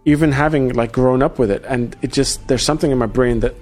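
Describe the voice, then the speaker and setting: A man from Australia hosting a podcast in relaxed, chatty talk with frequent restarts. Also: mid-range voice, a little fast. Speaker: podcast host. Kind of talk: casual podcast chat. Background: faint music.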